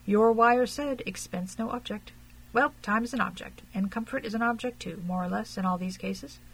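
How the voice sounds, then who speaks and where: A woman's voice: fairly high pitch, normal speed, gravelly, slight background noise, low-quality recording. A woman reading aloud and voicing a stout, shrewd male detective who speaks pleasantly and probingly, in an audiobook.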